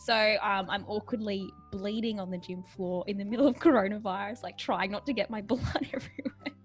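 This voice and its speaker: A woman's voice: mid-range voice, steady tone, fairly quick, faint music behind. A young woman co-hosting a podcast, telling stories in a chatty, self-mocking way and laughing often. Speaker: podcast co-host. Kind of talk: casual chat.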